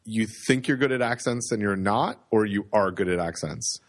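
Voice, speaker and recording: A man's voice: on the low side, moderate pace. A Canadian man co-hosting a podcast, chatting casually and rambling with self-deprecating jokes. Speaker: podcast co-host. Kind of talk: casual chat.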